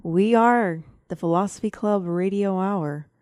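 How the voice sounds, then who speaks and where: A woman's voice: mid-range voice, unhurried, a little mellow, dry recording, clean studio sound. A young woman hosting a student radio talk show, chatting casually, rambling and giggling as she interrupts herself. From Texas. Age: young adult. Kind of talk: casual chat.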